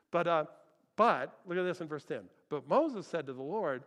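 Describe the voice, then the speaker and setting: A man preaching a sermon as pastor, telling stories in an animated way and acting out the people he quotes. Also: fairly high pitch, moderate pace. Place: church hall. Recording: long hall reverb.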